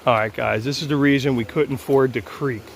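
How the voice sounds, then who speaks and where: A man's voice: medium pitch, fairly even intonation, normal speed, creaky, heavy background noise. A man thru-hiking and vlogging outdoors on a rural road walk, chatting casually and cooing at animals along the way. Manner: chatty, coos at animals in a sing-song voice. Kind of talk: casual trail vlog narration.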